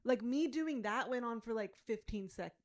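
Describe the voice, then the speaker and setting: A young woman co-hosting a podcast in casual chat, playful and quick to tease and laugh. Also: fairly high pitch, lively intonation, no echo, studio quality. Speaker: podcast co-host.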